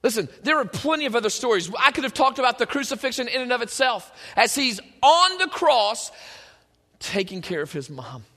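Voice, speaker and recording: A man preaching a sermon, animated and joking, at times building up to shouting. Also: very high voice, fairly quick. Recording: long hall reverb.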